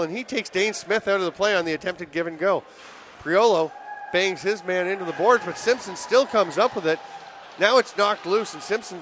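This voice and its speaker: A man calling live lacrosse play-by-play in rapid, excitable bursts that rise on goals, his voice worn and giving out. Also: sits high, slight background noise. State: voice giving out, throat clearing. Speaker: play-by-play commentator.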